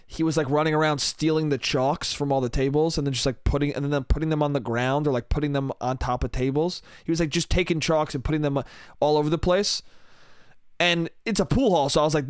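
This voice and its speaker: A young man talks alone into a close mic, hosting his own podcast in a loose, rambling way. His voice sits a little high for a man and the sound is dry, with no room around it. He swears freely and laughs at his own jokes. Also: fairly quick, clear, resonant tone, dry recording. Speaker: podcast host. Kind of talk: solo podcast monologue.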